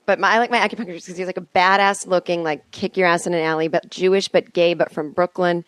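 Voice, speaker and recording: Wry woman comedian, slightly low voice. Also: steady tone, quick pace, no room sound. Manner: wry, self-deprecating storyteller. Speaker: comedian guest. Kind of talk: casual podcast chat.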